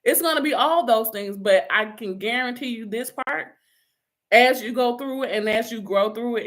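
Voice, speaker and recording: A woman's voice: on the high side, normal speed, a bit bright. A middle-aged woman life coach giving an emphatic motivational talk, repeating her calls to action and sometimes laughing at herself. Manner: emphatic, repetitive exhortations, slips into laughter and self-teasing.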